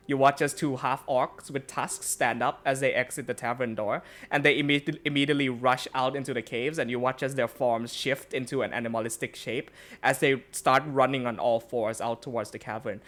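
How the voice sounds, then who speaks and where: A man's voice: mid-range voice, steady tone, normal speed, a bit bright. A man narrating a tabletop game as game master, rambling with fillers and laughing often.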